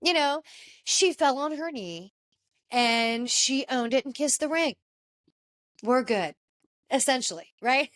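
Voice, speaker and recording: A woman's voice: high voice, lively intonation, slow pace, long pauses, a bit bright. A woman hosting a podcast, chatting casually and gushing about a reality TV reunion, with frequent fillers. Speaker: podcast host.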